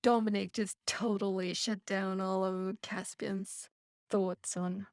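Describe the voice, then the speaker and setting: A woman hosting a podcast, chatting in a friendly, unhurried way over a video call and letting her sentences trail off softly. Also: medium pitch, flat delivery, no room sound, clean studio sound. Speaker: podcast host. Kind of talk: casual chat. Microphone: video call with headphones.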